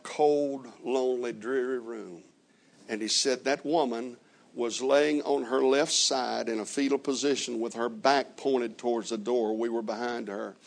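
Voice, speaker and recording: A man preaching a sermon, slowly retelling a story with many reported quotes and dramatic pauses. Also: medium pitch, gravelly. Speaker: traveling preacher.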